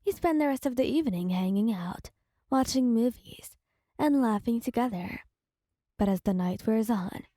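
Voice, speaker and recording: A woman narrating a second-person listener audio story in a soft, partly whispered delivery. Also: a little high, expressive, normal speed, no echo, studio quality.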